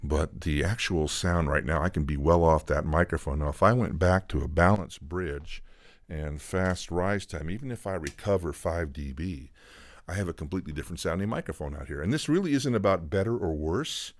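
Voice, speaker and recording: This preamp demonstration comes from its designer, a man speaking deeply at a moderate pace. His explanation is casual and filler-heavy, and his distance from the studio mic keeps shifting as he talks through the gear.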